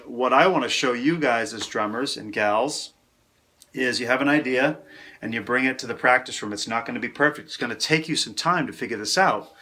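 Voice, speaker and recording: A man teaching a casual drum lesson in a practice room, counting rhythms aloud and vocalizing the beat. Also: mid-range voice. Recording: loud drum kit playing behind.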